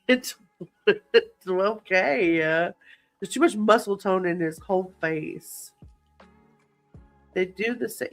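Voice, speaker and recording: A young woman hosting a live chat, blunt and animated, swearing and teasing her co-host. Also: fairly low pitch, slow pace, long pauses, soft background music. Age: young adult. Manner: blunt, animated, swears and teases, laughs easily.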